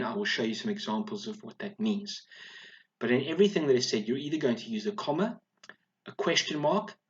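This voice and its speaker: Guy teacher doing a video lesson for little kids, clear and encouraging, keeps checking in, kinda muffled lo-fi audio. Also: mid-range voice, a bit bright. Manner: clear, encouraging, checks in often with "all right?". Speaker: primary school teacher. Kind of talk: recorded video lesson for children.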